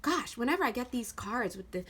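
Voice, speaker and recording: A woman with a fairly high voice talks through a tarot reading in a casual, chatty way. She speaks straight to the viewer and stays animated, often breaking into laughs. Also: fairly quick, breathy edge. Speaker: tarot card reader.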